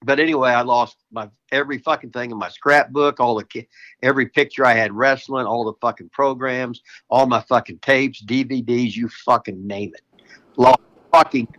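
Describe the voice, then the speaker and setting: A man's voice: mid-range voice, fairly even intonation, normal speed, a bit bright, muffled recording. An older American man, a retired wrestler, telling rowdy stories as a guest, swearing constantly and laughing mid-sentence. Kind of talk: profane casual storytelling.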